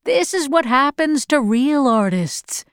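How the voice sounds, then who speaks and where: A gentle father who teases his daughter warmly, read aloud by a woman. His lines come slowly and lightly. The sound is dry and close. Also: high voice, animated, no room sound. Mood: teasing. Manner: light, teasing.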